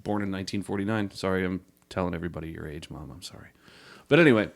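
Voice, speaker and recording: A man's voice: on the low side, fast. A man co-hosting a casual film podcast, rambling through stories and laughing often. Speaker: podcast co-host.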